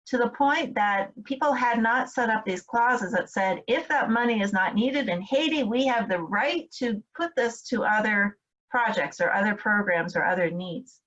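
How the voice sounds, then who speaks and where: A woman's voice: fairly high pitch, moderate pace, fairly bright tone, highs cut off. Woman teaching finance with many fillers. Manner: explanatory, with frequent fillers and "all right?" check-ins. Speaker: instructor. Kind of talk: recorded training lecture. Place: home, in Michigan.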